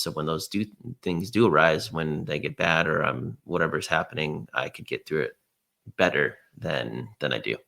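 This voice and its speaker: Man, podcast co-host, low voice, bright tone, relaxed rambling chat. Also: creaky. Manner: relaxed, rambling, thinks aloud. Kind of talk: casual chat.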